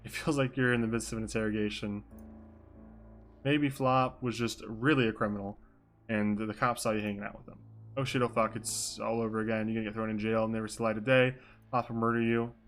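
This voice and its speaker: A man's voice: lowish voice, steady tone, fairly quick, soft background music. A young man streaming a role-play, narrating and reacting in a self-mocking, casually swearing way.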